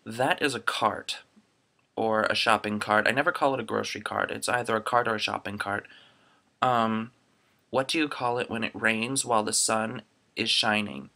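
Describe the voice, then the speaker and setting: A man's voice: fairly low pitch, fairly even intonation, normal speed, creaky, pushed and bright. A young man from Florida chatting casually through a dialect survey into his laptop webcam, rambling with lots of ums. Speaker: vlogger.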